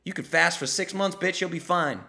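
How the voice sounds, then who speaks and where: Bright-voiced, fired-up man. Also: high voice, brisk, gravelly. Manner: blunt, fired-up, swears for emphasis; mimics people in quoted voices. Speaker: podcast host answering listener questions. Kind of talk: live Q&A chat.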